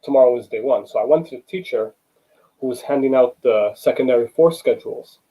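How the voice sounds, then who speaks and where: A man's voice: mid-range voice, steady tone, brisk, mellow, husky, poor audio. A young man giving a personal storytelling talk to students in a conversational way, often saying "you know" and acting out the dialogue. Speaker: student speaker.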